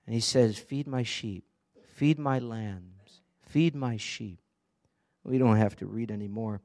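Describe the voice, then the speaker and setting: A man's voice: lowish voice, measured pace, darkish tone. A man preaching an earnest, conversational sermon, often asking the congregation direct questions. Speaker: pastor.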